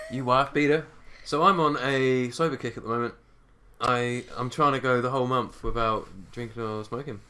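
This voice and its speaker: A man's voice: medium pitch, fairly even intonation, normal speed, sharp tone. A man co-hosting a podcast, chatting casually with friends and rambling through jokey explanations. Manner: laid-back, joking, rambling explanations. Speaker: podcast co-host. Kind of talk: casual chat.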